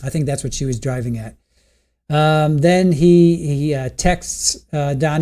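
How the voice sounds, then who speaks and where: A man's voice: on the high side, fairly even intonation, measured pace, warm tone. A man hosting a live stream, casually recapping the day's trial testimony and asking his viewers what they think. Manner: chatty, recounts testimony, asks chat questions. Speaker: trial commentary host.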